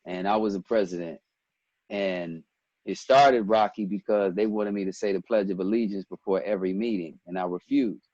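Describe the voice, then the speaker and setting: A man in his forties from Ethiopia, a guest telling stories in a relaxed interview, animated and quick to quote others. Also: sits low, no room sound, lo-fi sound. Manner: animated storyteller, breaks into quoted voices and laughs. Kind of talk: casual storytelling interview.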